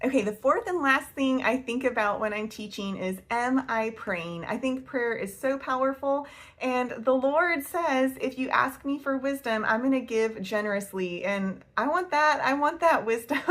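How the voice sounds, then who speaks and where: A woman in her thirties talks to camera about homeschooling, chatty and warm-hearted, laughing between thoughts. Her voice sits a little high for a woman. She sprinkles her talk with "y'all" and loose asides. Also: normal speed. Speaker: homeschool vlogger. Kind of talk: casual faith-based talk to camera.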